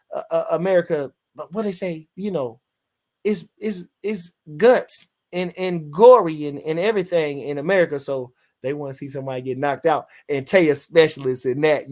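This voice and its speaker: A man's voice: fairly high pitch, a little mellow. An older man, hosting a casual live boxing stream in a rambling way, full of fillers, reading out chat comments. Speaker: podcast host.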